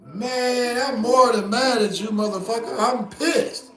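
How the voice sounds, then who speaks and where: A man hosting a podcast, telling a story in casual, profane chat with loud outbursts. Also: extremely high pitch, unhurried. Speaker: podcast host. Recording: roomy echo.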